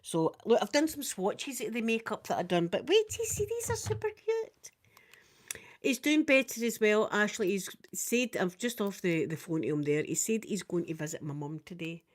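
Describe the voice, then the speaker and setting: A Scottish woman in her fifties, chatting casually with viewers on a live stream, rambling and swinging up and down in pitch. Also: big pitch swings, normal speed. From Scotland. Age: 50s.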